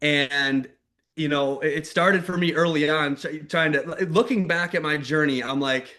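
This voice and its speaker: A man in his thirties from Minnesota, giving a lively motivational talk with stories on a mentorship call. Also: on the high side, moderate pace. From Minnesota, USA. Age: 30s. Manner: energetic, acts out quoted voices loudly. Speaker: network marketing mentor. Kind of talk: motivational storytelling on a group call.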